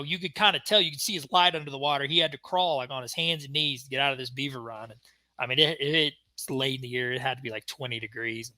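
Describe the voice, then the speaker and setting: A young man co-hosting a podcast, telling a story in casual chat and acting out the shouted quotes. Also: medium pitch, dry recording. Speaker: podcast co-host.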